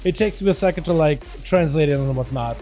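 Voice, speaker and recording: Hoarse, excitable male game streamer. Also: on the high side, a little fast, faint music behind. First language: Russian. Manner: excitable, hypes and banters with chat. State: hoarse, voice rough tonight. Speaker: livestream host casting game duels. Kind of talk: casual livestream commentary.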